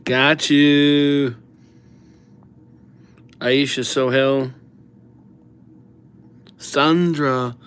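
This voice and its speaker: A man's voice: medium pitch, steady tone, fairly bright tone, clear, resonant tone. A man hosting a live stream, chatting casually and reading viewers' names aloud, his voice drifting from the mic as he writes. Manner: slow, mumbled, drifting in and out of the mic while writing; easygoing, jokey, reads viewer names aloud. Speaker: livestream calligraphy host.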